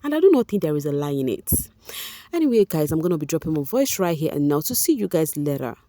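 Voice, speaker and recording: A woman's voice: low voice, fast, no room sound. A woman with a Nigerian accent hosting a chatty gossip vlog, talking straight to her viewers. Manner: chatty, animated, addresses viewers as guys. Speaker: vlog host. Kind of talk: casual gossip commentary reading fan posts.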